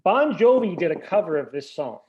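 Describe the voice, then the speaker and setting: A man chats as a podcast guest, ranting with animated, mock-indignant energy. His voice sits a little high for a man. The sound is dull and lo-fi. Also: a little fast, breathy edge. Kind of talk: casual podcast chat.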